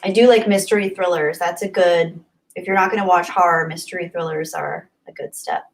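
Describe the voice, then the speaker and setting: A woman hosts a relaxed livestream and reads viewer comments as they come in. She talks in an earnest, thankful way. Her answers ramble, with plenty of fillers and restarts. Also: on the low side, fairly quick. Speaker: YouTube livestream host. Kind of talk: casual chat reading viewer comments.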